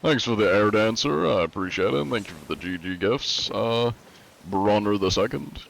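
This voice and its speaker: Low-voiced streamer chatting casually. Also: male voice, normal speed, vocal fry, a little hiss or hum. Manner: relaxed, rambling, filler-heavy. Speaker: livestreamer. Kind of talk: casual chat with stream viewers.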